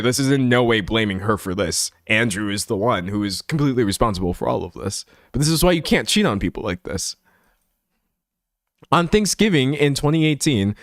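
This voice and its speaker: A young man streaming live, reading an article aloud to his chat and breaking off into chatty commentary, swinging from loud remarks to hushed asides. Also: medium pitch, no room sound, studio quality.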